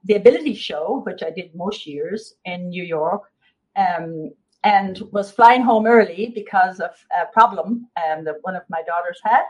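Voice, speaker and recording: A woman's voice: on the low side, a little slow, poor audio. A middle-aged Irish woman, a guest therapist, chatting freely in an interview, with many fillers and restarts. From Ireland. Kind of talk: casual interview chat.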